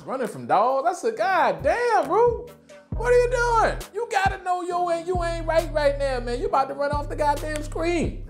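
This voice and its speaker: A man talking casually and excitedly as he reviews a TV show, full of slang and swearing. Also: on the high side.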